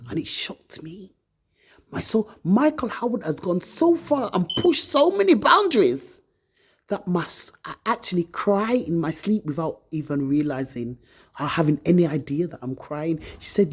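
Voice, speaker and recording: A woman's voice: on the low side, big pitch swings, normal speed, slightly rough. A woman vlogger ranting to her phone camera, bitter and accusing, swearing often. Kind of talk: angry personal rant to camera.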